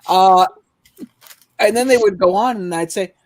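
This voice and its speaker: A man's voice: high voice, normal speed, long pauses. Man telling stories in casual chat. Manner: storytelling, animated quoting of callers; repeats words when starting sentences. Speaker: livestream co-host.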